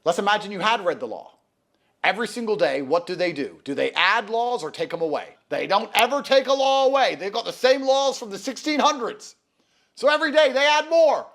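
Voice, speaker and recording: A man with a high, lively voice that swings up and down as he lectures. He talks emphatically and swears freely in casual conversation. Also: brisk. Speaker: guest.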